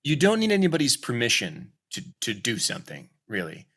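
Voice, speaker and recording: Bright-voiced man in casual chat. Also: mid-range voice, fairly quick. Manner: animated, acts out quoted voices. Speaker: voice actor guest; acting coach.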